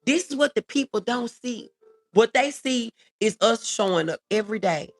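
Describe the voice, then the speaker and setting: A woman talks on a casual livestream at a middle pitch, with a gravelly edge of vocal fry. She answers viewer comments in an earnest, reassuring way and often repeats her key phrases. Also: fairly bright tone.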